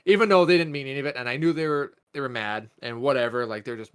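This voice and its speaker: A man's voice: mid-range voice, fast, a bit bright, clean tone. A man, co-hosting a podcast and telling a story in casual chat, swearing a lot and acting out quotes. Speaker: podcast co-host.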